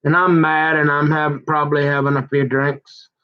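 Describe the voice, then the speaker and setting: A man telling a long, aggrieved personal story in a rambling monologue, halting and restarting his sentences as he goes. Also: fairly high pitch, flat delivery. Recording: dull muffled lo-fi recording.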